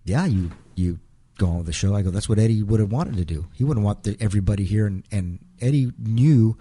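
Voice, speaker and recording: Telling an emotional story about himself in an interview, a middle-aged man speaks haltingly, repeats words, and acts out quotations. His voice is on the low side, mellow and husky.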